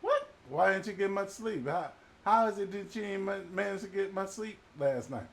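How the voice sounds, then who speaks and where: A man's voice: high voice, expressive, moderate pace, vocal fry, a bit bright, heavily acted. A male preacher voicing frightened sailors who scold a runaway passenger, exasperated and colloquial.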